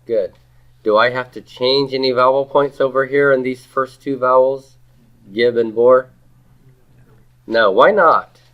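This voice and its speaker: A man's voice: medium pitch, measured pace. Man teaching a grammar class, asking questions. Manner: drills students, asks questions and repeats their answers. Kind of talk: classroom lecture with student questions. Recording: slightly dull lo-fi classroom recording.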